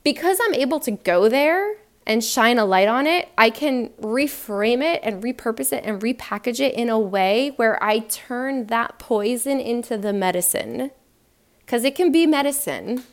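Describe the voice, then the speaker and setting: A woman's voice: fairly high pitch, animated, moderate pace. A young adult woman hosting a solo podcast, talking frankly and animatedly and laughing often. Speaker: podcast host.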